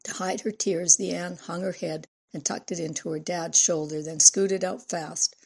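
A woman narrating a novel in an even, scripted storytelling delivery. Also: fairly low pitch, normal speed, vocal fry, husky. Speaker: audiobook narrator.

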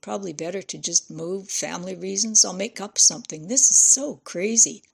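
A woman voicing an anxious young woman who speaks haltingly and unsure, with a slight fry in her voice. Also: mid-range voice. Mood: hesitant. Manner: hesitant, halting.

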